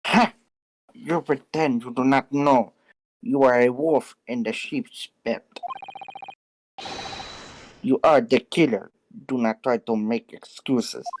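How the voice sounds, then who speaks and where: A man's voice: medium pitch, fairly even intonation, takes it slowly, pauses often, a little hiss or hum, rough recording. A man voicing a stern male ship officer in a mock Russian accent, nasal and accusing, in broken English. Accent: mock Russian, nasal like a cartoon squid. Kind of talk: fan voice-over of a game scene.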